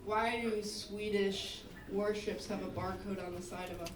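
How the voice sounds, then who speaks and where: A woman's voice: medium pitch, steady tone, measured pace, crowd noise. A woman musician chatting casually between songs at a live show, rambling, swearing and correcting herself as she goes. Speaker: musician performing a live set. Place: small live music venue. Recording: echoey room, far from the mic, music.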